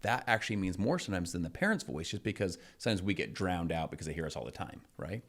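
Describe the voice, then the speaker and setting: A middle-aged man hosting a podcast, chatting casually and telling stories with lively acted-out quotes. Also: low-pitched, quick pace. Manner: energetic, acts out quoted voices in anecdotes. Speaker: podcast host. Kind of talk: casual chat, storytelling.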